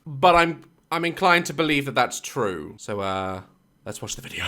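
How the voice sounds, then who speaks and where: A man's voice: medium pitch, animated, normal speed, pushed and bright. A man hosting a reaction video, talking casually from his home office and firing off sarcastic, joking asides.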